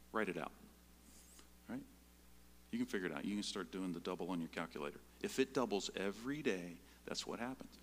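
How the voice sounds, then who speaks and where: A middle-aged man preaching a sermon full of personal stories, acting out scenes with sudden jumps in pitch and volume. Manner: animated storytelling, jumps high and loud when acting out scenes. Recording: long hall reverb.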